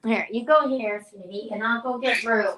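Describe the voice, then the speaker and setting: A woman's voice: fairly high pitch, moderate pace, very noisy. A woman hosting a casual livestream chat, talking with viewers and cooing at her pet birds in a sing-song voice. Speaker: bird channel host.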